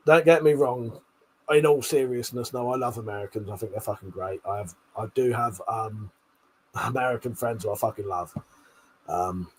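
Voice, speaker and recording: This livestream host is a British man who reads out comments from viewers and ribs them, cursing and laughing plenty while slightly drunk. He speaks at a medium pitch, his voice a bit bright and husky.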